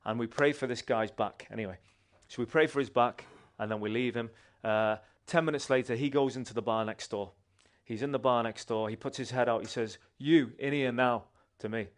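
Man telling a lively testimony. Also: mid-range voice, fairly quick, hardly any pauses. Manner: animated, conversational storytelling with restarts. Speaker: church member giving testimony. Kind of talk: personal testimony storytelling.

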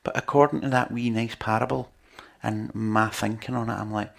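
A man's voice: fairly low pitch, steady tone, moderate pace, gravelly, a bit bright. A man preaching a sermon in an earnest, conversational way, with lots of rhetorical questions to his listeners.

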